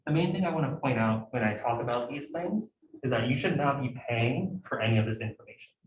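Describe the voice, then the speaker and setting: A man's voice: medium pitch, animated, a little fast, highs cut off. A young man giving an informal talk to a student club, conversational and full of fillers. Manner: conversational, filler-heavy, self-interrupting. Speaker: guest speaker at student club meeting. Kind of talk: informal presentation. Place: lecture room. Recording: echoey room heard from a distance.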